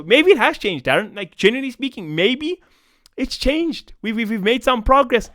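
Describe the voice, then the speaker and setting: A man's voice: extremely high pitch, lively intonation, normal speed, a bit bright, dry recording, studio quality. A young South African man with a South African accent, ranting in a profane, casual-slang commentary vlog. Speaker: esports commentator.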